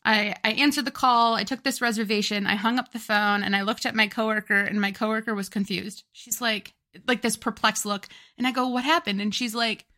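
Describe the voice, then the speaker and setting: Young woman, podcast co-host, lively storyteller, bright tone, pitched a bit high. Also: brisk, few pauses. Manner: animated storyteller, acts out quoted friends. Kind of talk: casual chat.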